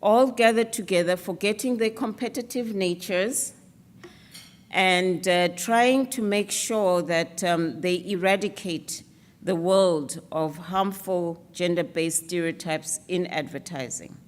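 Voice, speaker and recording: Woman, formal awards speech, slow and measured, lowish voice, earnest. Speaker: speaker presenting an alliance against stereotypes.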